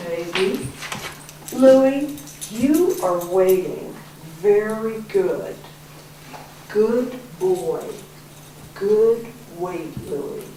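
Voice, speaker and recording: A woman dog trainer explains her method in a slow, unhurried voice. She moves between clipped command words and soft, warm praise. The recording is distant and very echoey, with loud background noise. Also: medium pitch.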